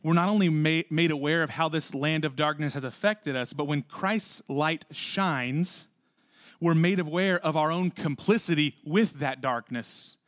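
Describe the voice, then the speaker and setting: A man preaching a sermon with a slightly high voice. He talks to the congregation like a friend, with lots of rhetorical questions, and now and then drops to a quiet, almost private tone. The recording is close and dry. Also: unhurried, no echo. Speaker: pastor.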